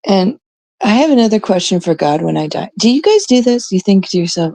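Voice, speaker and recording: A woman's voice: medium pitch, expressive, a little fast, dark tone, no echo. A Canadian woman livestreaming, rambling casually and talking straight to her chat viewers on a close mic.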